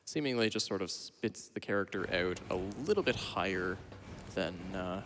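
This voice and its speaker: A man giving relaxed, explanatory couch commentary on a live speedrun. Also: deep voice, moderate pace, background noise.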